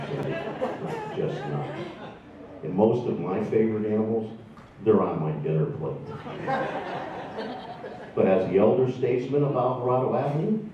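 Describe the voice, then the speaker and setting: A storyteller with a lowish voice performs stand-up storytelling for a live audience, telling wry, self-deprecating stories. He is far from the mic, and the sound is dull, captured from afar in an echoey room.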